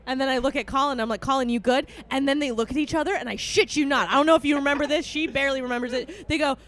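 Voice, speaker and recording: High-pitched woman podcast host, lively casual storyteller. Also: very fast. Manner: animated storyteller, acts out quotes, laughs often.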